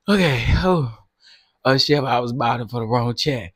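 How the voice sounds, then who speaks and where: A man hosting a casual livestream, talking to his chat in an animated way and laughing often. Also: mid-range voice, a little slow, dry recording, clean studio sound. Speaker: livestream host.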